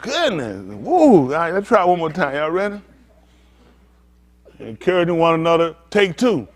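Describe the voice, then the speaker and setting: A man's voice: fairly high pitch, sing-song, moderate pace. A man preaching as a pastor, coaxing and teasing volunteers from the congregation in a playful way.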